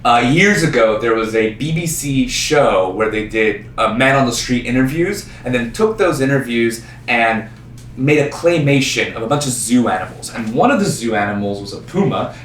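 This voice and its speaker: Animated young man telling a story on stage. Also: mid-range voice, normal speed, slight background noise. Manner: self-mocking, animated storytelling. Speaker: solo performer. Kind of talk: solo stage monologue. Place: small intimate performance space. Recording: roomy stage sound from a distance, faint ambience.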